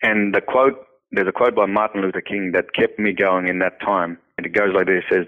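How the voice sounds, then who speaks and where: Man, very low monotone voice, earnest storyteller, tinny phone-line sound. Interview guest. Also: fairly quick, hardly any pauses. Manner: earnest, repeats words, many "you know" fillers. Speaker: nonprofit founder, interview guest. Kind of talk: personal storytelling in conversation.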